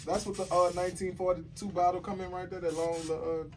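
A man's voice: high-pitched, little pitch movement, quick pace. A man talking playfully to his camera during a video shoot, hyping up his viewers. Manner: playful, hyped, talks straight to viewers. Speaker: rapper filming a behind-the-scenes vlog. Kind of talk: casual vlog talk to camera. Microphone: handheld camera. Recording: loud wind noise on camera mic.

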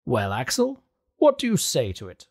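An excitable older professor who lectures with booming confidence, as a male narrator puts him on. His voice sits higher and louder than the reader's own, with a husky edge, and he speaks in emphatic, lecturing bursts. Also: moderate pace, full character voice. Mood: cheerful.

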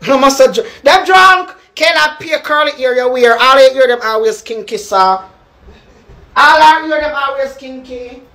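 A young woman with a strong Jamaican accent rants on camera, hammering the same points and calling someone out by name. Her voice sits on the higher side, and she talks in a heated, repetitive, confrontational way. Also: measured pace, pushed and bright. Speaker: social media personality. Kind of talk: ranting live video.

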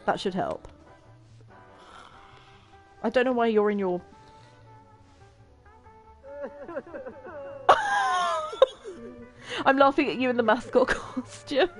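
A woman's voice: a little high, animated, extremely slow, long pauses, soft background music. A young woman chatting and giggling her way through a life-sim game as a streamer. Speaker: gaming streamer. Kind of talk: casual gameplay commentary.

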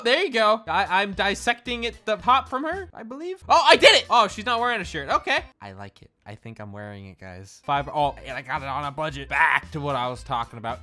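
Male gaming host, excitable and rambling, high lively voice. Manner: excitable, rambling, often laughing. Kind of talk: gaming commentary.

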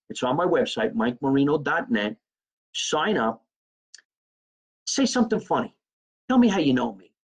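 Husky man from New Jersey, brash profane comic chatting live from his kitchen. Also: mid-range voice, darkish tone, lo-fi sound. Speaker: comedian hosting a live stream. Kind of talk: casual live-stream chat. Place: home kitchen.

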